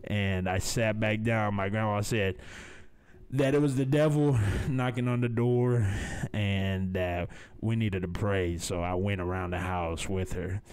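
A man's voice: lowish voice, unhurried, darkish tone, smooth. A young man, hosting a podcast and telling a story in a casual, profane, laid-back way, peppering it with "man" and "baby". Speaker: podcast host.

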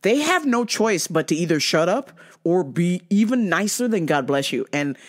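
Brief: young woman host, lively pitch swings, crude and laughing as she tells a story. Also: moderate pace. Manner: profane, laughing, animated storyteller. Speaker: show host. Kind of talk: casual storytelling.

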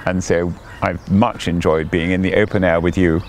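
An older man, a priest leading morning prayer outdoors in a garden, talking gently and chattily with a few fillers. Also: low voice, little pitch movement, normal speed, creaky, a little hiss or hum. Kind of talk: gentle devotional talk. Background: faint birdsong.

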